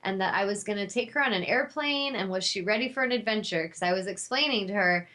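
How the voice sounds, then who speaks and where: A woman's voice: mid-range voice, quick pace, sharp tone. A woman hosting her own show, telling a personal story in a heartfelt, spiritual way, rambling a little with fillers. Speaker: talk show host.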